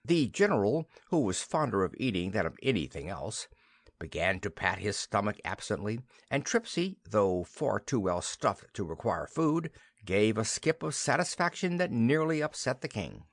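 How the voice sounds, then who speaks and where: A man reading a children's fantasy story aloud for English learners, with a lively, expressive delivery. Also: on the low side, moderate pace. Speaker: narrator.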